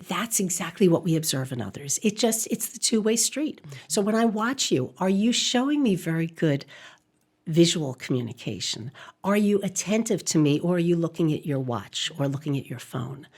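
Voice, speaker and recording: A woman's voice: on the low side, expressive, moderate pace, darkish tone. A middle-aged woman, a communication coach, speaking as a guest in a podcast interview, articulate and emphatic.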